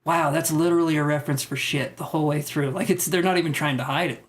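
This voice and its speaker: A man giving psychic tarot readings on a live stream. He talks in a tentative, musing way, thinks out loud with many fillers, and reassures his viewers. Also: fairly high pitch, steady tone, quick pace. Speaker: tarot reader.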